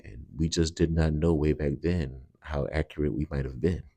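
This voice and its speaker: A man's voice: extremely low pitch, moderate pace, vocal fry, dark tone, dry recording. A man hosting a video channel, talking straight to his viewers in an earnest, rambling way. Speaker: channel host. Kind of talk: casual video commentary.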